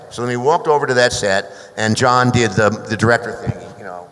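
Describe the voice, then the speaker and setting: A man on a panel telling a long behind-the-scenes story, restarting often and turning animated when he quotes others. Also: mid-range voice, moderate pace. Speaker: screenwriter guest. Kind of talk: anecdotal panel talk. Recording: hall reverb.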